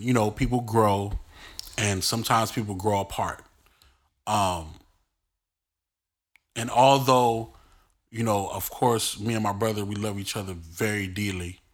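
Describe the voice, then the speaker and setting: A man hosting his own podcast, telling personal stories in an animated, expressive way and using casual street slang. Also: lowish voice. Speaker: podcast host. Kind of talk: casual solo podcast storytelling.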